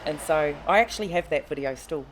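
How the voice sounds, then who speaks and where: A woman in her thirties chatting on a podcast, telling a personal story in an animated way and acting out the quotes. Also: low voice, a little fast, slight background noise. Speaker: podcast guest. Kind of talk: casual conversation, storytelling.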